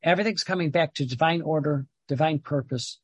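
Husky man giving a rambling devotional talk. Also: on the high side, fairly quick, dry recording. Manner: rambling, repeats words, stops to read aloud. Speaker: religious teacher. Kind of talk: informal devotional talk with reading.

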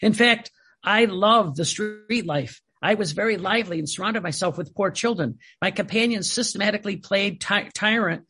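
Gravelly husky man teaching. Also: high-pitched, normal speed. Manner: digressive, animated storytelling. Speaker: religious teacher. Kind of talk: reading aloud with spiritual commentary.

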